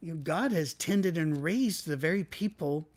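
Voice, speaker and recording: A male pastor preaching in a relaxed, conversational way, acting out the people he quotes. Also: a little high, moderate pace. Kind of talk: sermon.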